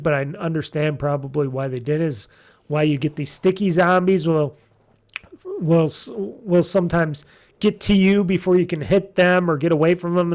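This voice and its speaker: A man's voice: fairly high pitch, darkish tone. A man hosting a gaming podcast, reviewing games in a loose, chatty way with lots of fillers and restarts. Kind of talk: casual rambling game review.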